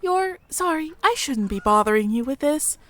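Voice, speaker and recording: A woman's voice: sits high, expressive, moderate pace, a bit bright, pitched above the performer's own voice. A woman voicing a shy, nervous young female mouse villager in a game, stammering and apologizing. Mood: timid, flustered.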